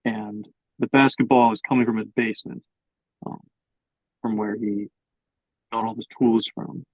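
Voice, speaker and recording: A man's voice: on the low side, steady tone, unhurried, no room sound, narrow, tinny audio. A young adult man improvising a story as co-host, narrating in a hesitant, filler-heavy way. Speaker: podcast co-host.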